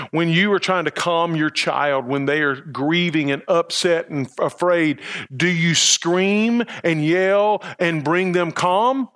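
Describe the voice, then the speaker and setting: A man's voice: fairly high pitch, fairly bright tone. A man preaching a sermon as pastor, emphatic, with repeated phrases and rhetorical questions.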